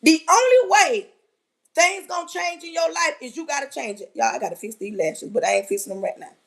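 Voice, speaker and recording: Very high-voiced woman preaching fervently. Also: lively intonation, fairly quick, gravelly. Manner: fervent, preachy, repeats phrases, often yells. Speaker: motivational speaker on a live stream. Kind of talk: motivational live-stream talk.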